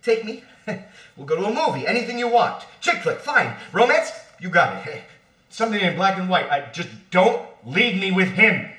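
A man's voice: sits high, big pitch swings, normal speed, pushed and bright, exaggerated voice. A man reading the part of a desperate, foul-mouthed baby boy in an amateur play reading. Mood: pleading. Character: infant boy pleading with crude adult talk. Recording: echoey room.

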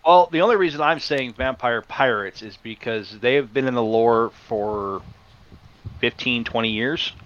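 A man chatting on a podcast, explaining things in a measured way. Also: medium pitch, a bit bright. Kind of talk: casual podcast chat. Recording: dull lo-fi call audio.

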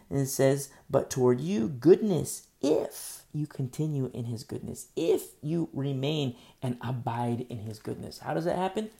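A male preacher with a gravelly, creaky voice delivers an earnest sermon. He shifts between hushed, pleading passages and sudden emphatic bursts. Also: mid-range voice.

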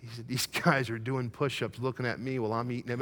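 Bright-voiced preacher man building to loud climaxes. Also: mid-range voice, fairly even intonation, brisk, few pauses. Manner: folksy storytelling, quoting his son. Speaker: pastor. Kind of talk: sermon.

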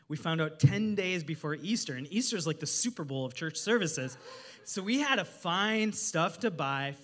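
A man preaching a sermon as a guest pastor, energetic and humorous, joking with the congregation. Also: on the high side. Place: church service in a hotel venue.

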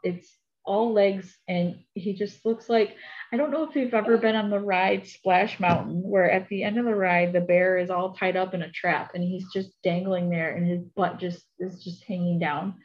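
A young adult woman telling a personal story in a casual, animated way, full of fillers like "like" and "um". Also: fairly low pitch, normal speed. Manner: chatty, animated, many fillers. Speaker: podcast guest. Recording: dull lo-fi audio.

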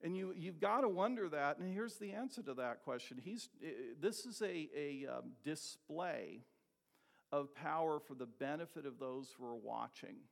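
A man preaching an expository sermon, asking rhetorical questions and slowing down to stress key words. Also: a little high, expressive, vocal fry.

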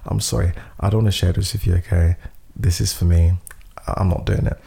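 A young man, telling a story in casual podcast chat, lively, laughing often and swearing freely. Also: low-pitched, brisk, gravelly. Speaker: podcast co-host.

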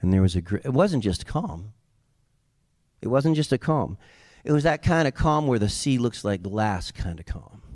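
A male pastor preaching an animated sermon, moving between quiet asides and loud, yelling passages. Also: lowish voice, moderate pace, no room sound, studio quality.

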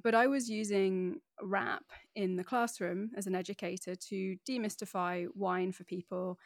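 A woman from Northeast England, speaking in a polished standard English accent as a podcast guest, telling stories in a chatty, animated way. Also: medium pitch, no echo, clean studio sound. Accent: neutral southern English. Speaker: podcast guest, wine educator. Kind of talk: casual interview chat.

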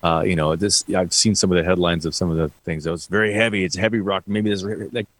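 A man with a deep, low voice speaks in a casual interview. He muses thoughtfully and thinks out loud. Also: steady tone, fast. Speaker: band guitarist, guest.

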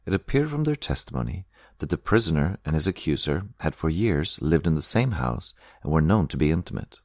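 A man narrating an audiobook with a very deep voice in a measured, steady way. The recording is dry and close with no room sound. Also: dry recording. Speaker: reader.

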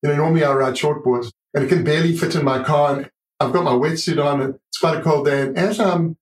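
A man's voice: a little high, quick pace, roomy sound, poor audio. A middle-aged man telling a story as a podcast guest, acting out the dialogue as he goes. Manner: animated storyteller, acts out dialogue. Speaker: guest author and surfer.

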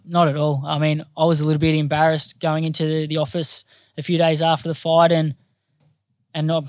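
An Australian man, a professional boxer, answering interview questions in an earnest, modest way with halting restarts. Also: on the high side, no echo. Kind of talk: casual interview chat.

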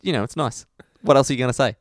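A man's voice: mid-range voice, very fast, dry recording, clean studio sound. A man co-hosting a casual podcast, chatty and fond of telling jokes. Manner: chatty, tells jokes with voices. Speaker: podcast co-host. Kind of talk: casual chat.

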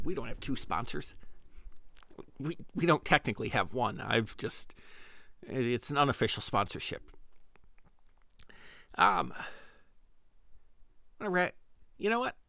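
Rambling middle-aged man, bright dry voice. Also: medium pitch, gravelly, no room sound. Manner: rambling, self-deprecating, frequent restarts. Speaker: podcast host. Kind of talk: casual comedic monologue.

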